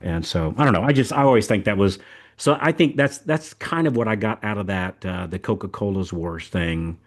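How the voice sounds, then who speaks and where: The host is an older man from the American South whose voice is fairly low, speaking at normal speed. He keeps his podcast chat casual and folksy, rambling and repeating words as he talks.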